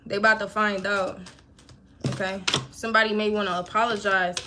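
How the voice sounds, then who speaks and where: A woman's voice: medium pitch, little pitch movement, brisk, background noise. A woman giving a live-streamed spiritual reading, talking in an emphatic, profane, conversational way. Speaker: intuitive card reader.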